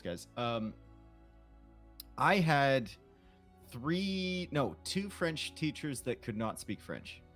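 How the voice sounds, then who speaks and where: Male co-caster, middling pitch, rambly and self-mocking, light music bed. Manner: rambling, self-deprecating, restarts. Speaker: esports caster. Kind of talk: casual stream chat.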